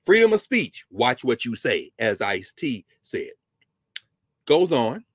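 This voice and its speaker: A man's voice: medium pitch, sing-song, slow, slightly rough, no echo. A man giving a history lecture on a talk show, telling the story with emphasis and dropping into casual asides.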